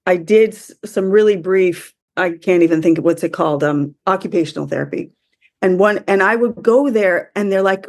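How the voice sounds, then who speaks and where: A woman from the US speaking as a podcast guest, emotional and halting, often restarting her sentences. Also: medium pitch. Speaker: interview guest. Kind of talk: conversational interview.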